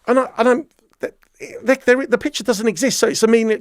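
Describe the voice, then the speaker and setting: Speaking quickly in a voice that sits high, a man guesting on a storytelling interview podcast brings his tale to life, acting out every line of dialogue.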